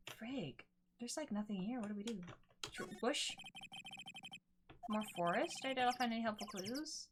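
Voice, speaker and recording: A woman's voice: a little high, animated, normal speed, pauses often, noisy background. A young woman streamer chatting playfully and thinking aloud as she plays a story game. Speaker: gaming streamer. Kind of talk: casual let's play commentary.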